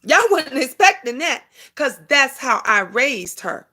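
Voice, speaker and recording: Woman live-stream host, high bright voice, preachy and emphatic, thanks chatters by name. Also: sing-song, a little slow. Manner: preachy, addresses viewers and chat by name; emphatic repetitions, calls listeners honey. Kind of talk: casual live-stream talk.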